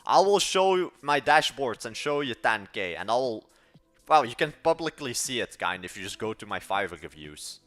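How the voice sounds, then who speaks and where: A man's voice: medium pitch, big pitch swings, moderate pace, a bit bright, soft background music. A young man in his late teens from Belgium, with a mixed European accent, chatting casually on a livestream, rambling, correcting himself mid-sentence and giving blunt opinions. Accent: Belgian, mixed European-sounding. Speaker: livestreaming coder. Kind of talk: casual livestream chat answering viewers.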